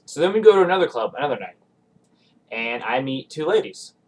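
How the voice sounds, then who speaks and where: A man's voice: mid-range voice, big pitch swings, a little fast, darkish tone, recorded from a distance, rough recording. Podcast guest, male, rambling self-deprecating storyteller, sounding slightly off-mic. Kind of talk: casual storytelling.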